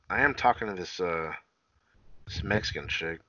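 A young man co-hosting a casual podcast, swearing freely and laughing through animated, crude stories. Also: low voice, slow, dry recording, highs cut off.

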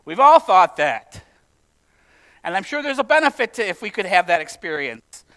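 A pastor with a notably high voice for a man, preaching in a relaxed, talky way. He jokes now and then and puts questions straight to the congregation. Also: moderate pace. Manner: conversational, humorous preaching with direct questions to the congregation. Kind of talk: sermon.

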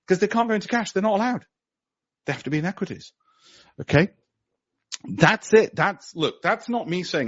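A man's voice: sits high, big pitch swings, normal speed, pauses often, breathy edge, no echo, lo-fi sound. A middle-aged man, giving blunt, sarcastic market commentary on a podcast and mocking others in put-on voices.

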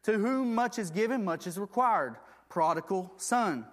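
A man's voice: sits high, lively intonation, a little slow. A man preaching a sermon, reading scripture aloud and asking the congregation for agreement.

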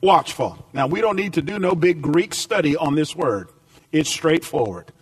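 Animated preaching pastor, high and lively. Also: male voice, moderate pace, husky, no echo, recorded from a distance. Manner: preaching with rising emphasis, then dropping to a quiet storytelling tone. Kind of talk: sermon.

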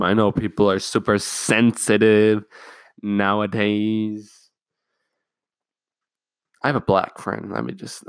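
Low-voiced young man rambling profanely. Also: a bit bright, dry recording, clean studio sound. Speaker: vlogger. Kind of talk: casual storytelling.

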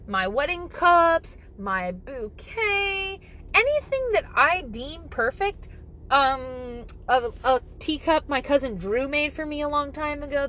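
Blunt, foul-mouthed mom, high lively voice. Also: female voice, rough recording. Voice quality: blunt and profane, jokingly exaggerated. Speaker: parent giving parenting advice. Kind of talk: casual monologue to camera.

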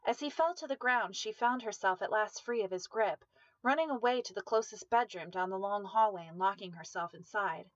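A woman reading a dramatic story aloud in steady, measured narration. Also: mid-range voice, no echo, muffled recording.

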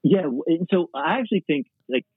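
A man's voice: on the high side, lively intonation, a little fast, husky, no echo, phone-quality sound. A man talking casually as a podcast guest, rambling with lots of "like" and restarts. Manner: rambling, heavy use of "like", restarts often. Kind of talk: casual conversation.

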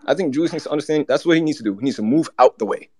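A man co-hosting, delivering a rapid, heated, run-on sports rant. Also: on the high side, darkish tone, no echo. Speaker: co-host.

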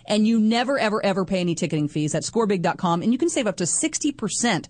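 A woman's voice: mid-range voice, expressive, quick pace, a little mellow, dry recording. A woman co-hosting a live radio ad, playful and bantering. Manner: playful, bouncy, giggly. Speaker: radio co-host.

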